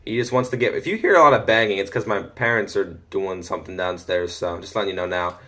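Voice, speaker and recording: A teenage boy casually commenting on a football video game from home, chatty, easily excited and often muttering to himself. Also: low voice, quick pace. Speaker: gaming commentator. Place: home room.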